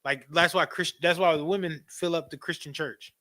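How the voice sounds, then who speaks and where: A man teaching a class in a casual preaching style, animated and repetitive, often turning to the audience with asides and breaking into laughter. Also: a little high, moderate pace. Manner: laughs often while talking.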